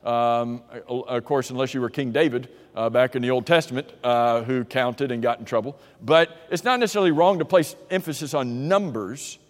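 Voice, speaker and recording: A man's voice: medium pitch, normal speed, few pauses. A man preaching a sermon in a conversational way, often putting questions to the congregation. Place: church auditorium. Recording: long hall reverb.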